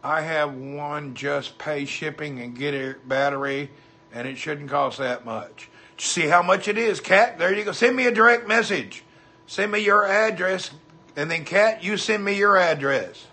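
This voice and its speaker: A man with a Southern US drawl hosts a laid-back livestream, reading comments and greeting viewers by name in a folksy, chatty way. His husky voice sits slightly high and has a bright, forward edge, and he keeps a measured pace.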